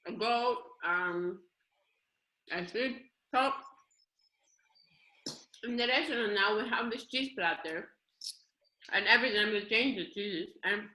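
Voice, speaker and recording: Greek-accented woman rambling on, bright voice, lots of ums and restarts, echoey room. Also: mid-range voice. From Greece. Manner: meandering, hesitant, many restarts and fillers. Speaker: performer. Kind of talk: rambling spoken monologue.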